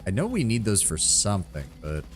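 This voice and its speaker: Swearing, excitable male game streamer. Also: on the low side, fairly quick. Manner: profane, excitable. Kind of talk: casual gameplay commentary.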